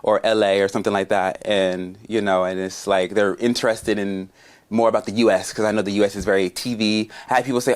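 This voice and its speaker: Chatty American man, lowish voice. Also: a little fast, clear, resonant tone. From United States. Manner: chatty, animated, laughs often. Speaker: interview guest. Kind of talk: casual interview chat.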